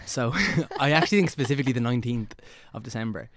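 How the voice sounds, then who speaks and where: A man's voice: medium pitch, fast, dry recording. A young man hosting a podcast, chatty and upbeat, joking at his own expense. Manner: chatty, upbeat, self-deprecating. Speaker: podcast host. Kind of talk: casual podcast chat.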